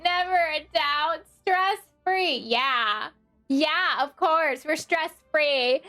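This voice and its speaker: A woman streamer with a very high, bright voice who talks slowly and at length to her chat. She swings from low grumbling mutters to exasperated shrieks at the game, then drifts back into quiet self-talk while fiddling with settings. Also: faint music behind.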